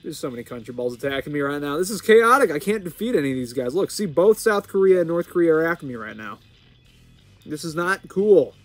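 An American man hosting a gaming channel, rambling through casual gameplay commentary with sudden loud outbursts. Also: fairly high pitch, expressive, fairly quick, dry recording, faint music behind. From United States.

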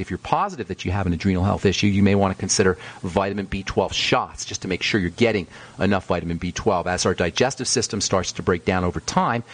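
A man hosts a call-in health radio show with a fairly low voice. He lectures emphatically and sometimes rants while giving advice to callers. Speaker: radio host and pharmacist.

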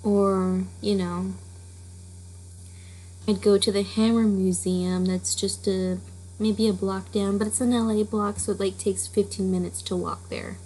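A woman's voice: medium pitch, flat delivery, measured pace, warm tone, slight background noise, low-quality recording. A woman hosting a storytelling channel, giving a rambling, casual spoken intro with many fillers. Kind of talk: casual chatty intro to a reading.

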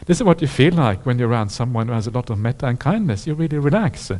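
A man giving a dharma talk at a retreat, telling stories in a relaxed way with many pauses and soft laughs. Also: medium pitch. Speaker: Buddhist monk teacher. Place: retreat hall.

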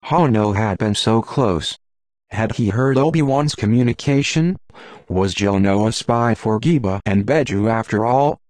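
A man reading an audiobook in a steady, measured narration. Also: on the low side, no room sound.

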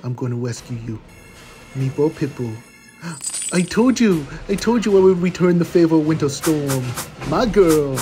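A man voicing a cheerful, eager pitbull puppy, commenting on gameplay with excitable gasps and goofy puns. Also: mid-range voice, slow pace, pauses often, soft background music. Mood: excited. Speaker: game commentator.

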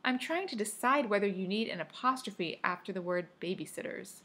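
A woman reading aloud and voicing a prim, pedantic, know-it-all teenage girl in a slightly husky voice. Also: a little high, normal speed, a bit bright, pitched above the performer's own voice. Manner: precise, pedantic phrasing.

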